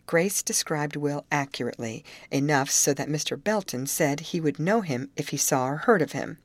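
A woman reading a novel aloud in calm, even storytelling. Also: very deep voice, normal speed, few pauses, no room sound. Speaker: audiobook narrator. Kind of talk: scripted narration.

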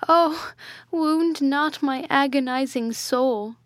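A woman's voice: high-pitched, unhurried, no room sound, clean studio sound, voice pushed up. A woman reading aloud and voicing a grieving noble mother who speaks tearfully and pleadingly.

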